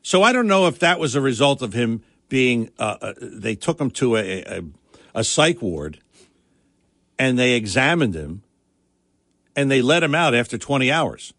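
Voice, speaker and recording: Middle-aged male talk radio host, indignant and repetitive, lively pitch, bone-dry studio mic. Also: moderate pace, no echo. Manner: emphatic, repetitive, indignant, with frequent restarts. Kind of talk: political talk radio monologue.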